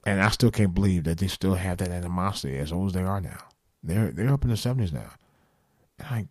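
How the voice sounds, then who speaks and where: A man's voice: deep voice, quick pace, darkish tone, dry recording, studio quality. A man in his fifties hosting a live late-night call-in show, talking earnestly and bluntly, repeating himself and swearing now and then. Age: 50s.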